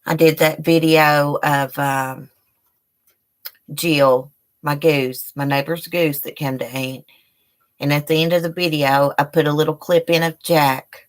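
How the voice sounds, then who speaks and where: Speaking in a low voice from indoors at home, a woman hosts a live stream. She rambles casually and addresses her viewers as "y'all."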